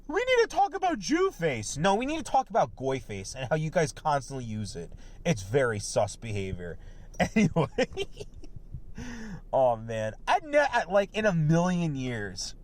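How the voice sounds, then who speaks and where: A man hosting a commentary video in a rambling, profane rant. He laughs often and swings between loud bursts and muttered asides. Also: mid-range voice. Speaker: online commentary host.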